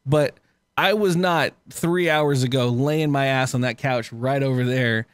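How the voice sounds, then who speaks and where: A man's voice: mid-range voice, measured pace, smooth, no room sound. A man co-hosting a podcast in casual chat, tipsy, laughing and swearing as he rambles. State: tipsy from cocktails. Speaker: podcast co-host.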